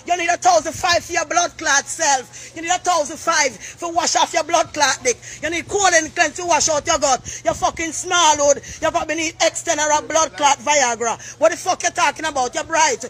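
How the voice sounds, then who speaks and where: A Jamaican woman in her forties, loudly cursing and taunting someone in a heated argument. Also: high-pitched, fairly quick, hardly any pauses. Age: 40s.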